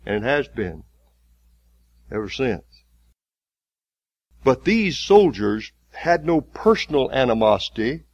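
A man preaching a sermon, retelling a story vividly with halting restarts. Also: mid-range voice, big pitch swings, dry recording, dull audio.

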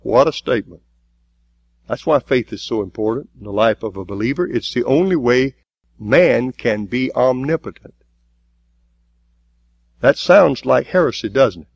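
A man preaching a sermon, stressing key words and drawing them out slowly. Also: mid-range voice, lively intonation, creaky, breathy edge, no room sound. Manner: emphatic preaching with slow, drawn-out stresses.

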